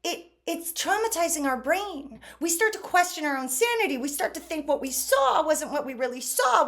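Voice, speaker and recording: A woman vlogger talking casually to camera, animated, acting out quoted exchanges as she goes. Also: high-pitched.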